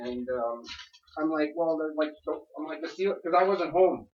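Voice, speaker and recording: A man's voice: fairly high pitch, normal speed, reverberant, lo-fi sound. A man, a tenant, rambling and swearing as he airs complaints, repeatedly asking "you know what I mean". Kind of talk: heated casual conversation. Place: apartment, indoors.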